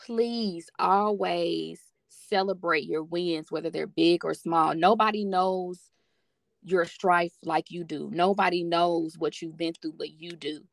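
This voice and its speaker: A woman's voice: fairly low pitch, fairly even intonation, a little slow, no echo. A woman talking as a podcast guest in a casual, heartfelt chat, earnest and encouraging, repeating phrases for emphasis.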